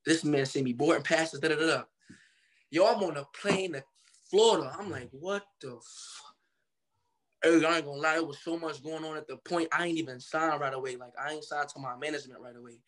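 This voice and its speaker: Young man from Ohio, guest storyteller, slightly higher pitch, slangy, acts out quotes. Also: fast talker, fairly bright tone. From Cincinnati, Ohio. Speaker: guest artist. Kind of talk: casual storytelling interview.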